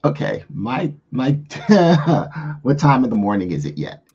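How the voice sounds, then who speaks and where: A man playing a tabletop game, answering slowly and hesitantly. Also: mid-range voice, very animated, gravelly, a little mellow, slightly rough. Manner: slow, hesitant, with laughs. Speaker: player. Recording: dull lo-fi sound.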